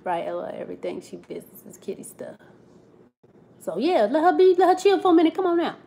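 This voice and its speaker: Her voice here is high-pitched, gravelly and dark, very animated and quick as she chats on her live stream. She reads the comments, laughs a lot and leans on Southern slang such as "y'all" and "child."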